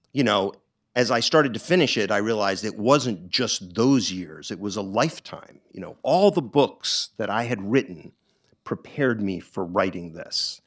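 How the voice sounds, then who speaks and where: A middle-aged author addresses an audience at a bookstore event, reflective and halting, with frequent ums and restarts. His voice is mid-range and a bit bright.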